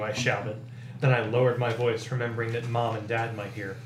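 A man, a guest on a podcast, reading a children's horror book aloud and overacting the shouted dialogue. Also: medium pitch, flat delivery, brisk, slight background noise. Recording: echoey room.

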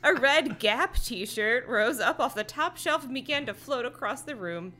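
A woman's voice: a little high, lively intonation, measured pace, sharp tone. A woman co-hosting a podcast, reading a children's horror book aloud in a playful, mock-dramatic way.

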